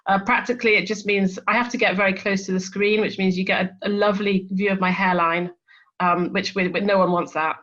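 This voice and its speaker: A woman's voice: mid-range voice, fairly even intonation, fairly quick, a bit bright. A woman chairing an academic seminar over a video call, chatty and self-deprecating as she introduces the speakers. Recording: dull lo-fi video call audio.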